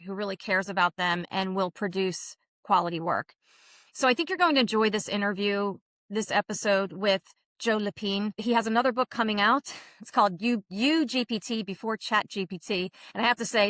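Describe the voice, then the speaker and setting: A woman's voice: medium pitch, a bit bright, no echo. A woman hosting a podcast, introducing the episode in a chatty, enthusiastic way and laughing at herself now and then. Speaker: podcast host.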